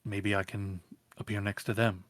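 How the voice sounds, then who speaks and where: A man's voice: fairly low pitch, little pitch movement, normal speed, no room sound. Tentative male player, dry mic. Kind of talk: casual tabletop play.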